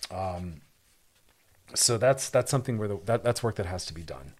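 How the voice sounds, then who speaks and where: A man's voice: fairly low pitch, lively intonation, normal speed, a little mellow. A man hosting a radio advice show as a therapist, speaking earnestly and emphatically, often repeating words for stress. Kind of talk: advice talk show monologue.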